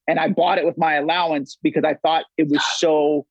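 Man, middle-aged, from Los Angeles, casual guest chat, rambling with restarts, somewhat high voice, muffled dry recording. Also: flat delivery, brisk, no room sound. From Los Angeles area. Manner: rambling, many restarts and swearing. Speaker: podcast guest.

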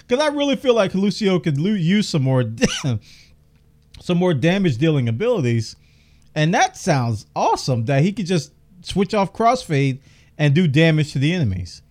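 A man's voice: fairly high pitch, very animated, normal speed, a little mellow. A man hosting a gaming news podcast, chatting casually and enthusiastically while reading out details, his voice a bit worn. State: losing his voice, coughing.

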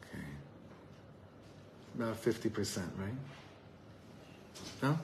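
A man's voice: fairly low pitch, expressive, takes it slowly, vocal fry, slight background noise, low-quality recording. A man from Los Angeles, a rabbi giving an earnest, heartfelt talk to a live evening gathering. He often repeats words while searching for them and weaves Hebrew terms into his speech. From Los Angeles, USA.

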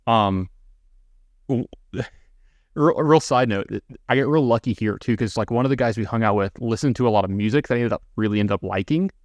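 Telling casual stories on a podcast, this co-host rambles through lengthy anecdotes thick with fillers and side remarks. He speaks a little fast in a mid-range voice, and the recording is dry.

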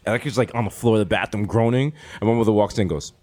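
A man's voice: on the low side, rapid-fire. A man co-hosting a podcast, telling crude jokes and stories in casual comedic banter. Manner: animated, profane, jokey storytelling with voice impressions. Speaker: podcast co-host.

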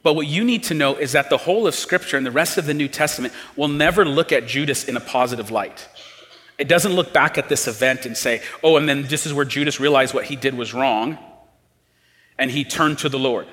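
A man preaching a sermon as pastor, earnest, rising to emphatic pleas and dropping low and quiet. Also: fairly quick, in a large hall.

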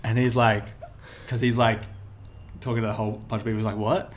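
A man's voice: on the low side, flat delivery, fast. A young man, chatting casually and telling stories with many fillers. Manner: rambling storytelling full of fillers. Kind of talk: casual chat.

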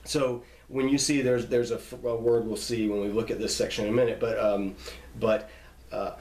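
A man's voice: fairly low pitch, moderate pace, darkish tone. A man giving an informal lesson on pronouncing biblical names, patient and given to repeating and spelling out words. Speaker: Bible teacher. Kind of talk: informal classroom lecture. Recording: echoey room.

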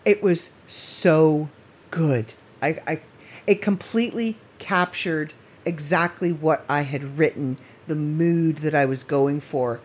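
A woman's voice: sits low, slow pace, darkish tone, slightly rough. A woman hosting her own podcast late at night, talking in a rambling, emotional way and laughing often. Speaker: podcast host. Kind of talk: casual late-night monologue.

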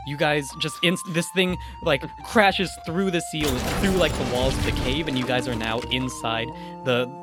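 A man's voice: a little high, moderate pace, few pauses. A man narrating as game master of a tabletop game, loose and rambling and often laughing. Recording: dry close mic with faint music.

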